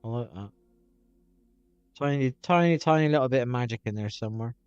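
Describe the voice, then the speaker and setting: A man's voice: mid-range voice, a little fast, a little mellow, smooth, no echo, highs cut off. A man chatting loosely on a live stream while watching videos, swearing freely as he rambles.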